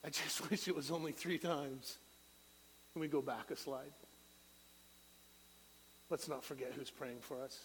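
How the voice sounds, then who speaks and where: A middle-aged man delivers a sermon with a voice pitched a little high for a man. He preaches with passion, climbing to loud, soaring peaks and then falling back to quiet, low-voiced prayer. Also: fairly even intonation, unhurried, long pauses, slight background noise, low-quality recording.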